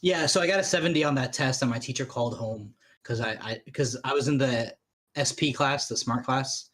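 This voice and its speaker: A man's voice: medium pitch, a little fast, fairly bright tone. A man chatting casually on a watch-along voice call, rambling through stories and laughing often. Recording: voice chat call.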